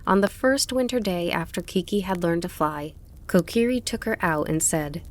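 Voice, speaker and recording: A woman narrating an audiobook in a calm, measured storytelling manner. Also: lowish voice. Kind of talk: scripted narration.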